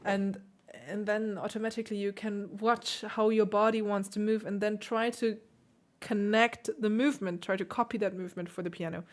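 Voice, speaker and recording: A woman who hosts a piano channel, critiquing viewers' playing with emphatic, animated coaching. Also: medium pitch, moderate pace. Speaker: piano teacher and channel host.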